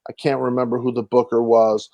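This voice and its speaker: A man's voice: mid-range voice, little pitch movement, fairly quick, vocal fry, no echo, muffled recording. A man guesting on an interview show, telling rambling stories with many fillers and restarts and acting out the voices of people he quotes. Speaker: actor and comedian guest. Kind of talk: casual interview storytelling.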